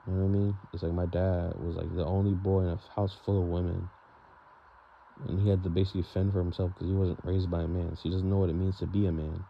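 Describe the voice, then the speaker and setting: A man's voice: sits low, level tone, fast talker, creaky. A young man venting in a rambling, frustrated vlog monologue, full of fillers and "bro". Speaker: vlogger. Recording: dull lo-fi sound with faint noise.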